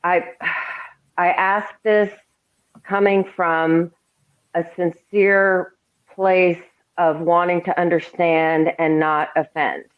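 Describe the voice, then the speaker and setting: A woman takes part in a casual group conversation over a tinny phone line. Her voice is very low for a woman, and she speaks carefully and hesitantly, leaning on fillers as she picks her words. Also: little pitch movement, slow pace, long pauses, clear, resonant tone.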